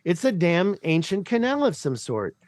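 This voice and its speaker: With a high-pitched voice and a moderate pace, a man from the United States rambles excitably as a guest on a podcast via video call. He swears casually, and there's no echo.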